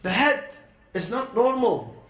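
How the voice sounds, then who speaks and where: A man at a youth gathering, telling a religious story as a sermon, with dramatic pauses and short emotional phrases. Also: very high-pitched, expressive, a bit bright. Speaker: speaker at a youth event. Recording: roomy echo.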